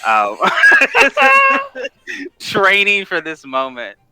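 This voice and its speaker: Upbeat male guest, bright and clear, tripping over his words. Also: sits high, huge pitch swings, extremely slow, dry recording, low-quality recording. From Washington state, USA. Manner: enthusiastic, laughs often, stammering restarts. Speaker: guest, tabletop content creator. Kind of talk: casual interview chat.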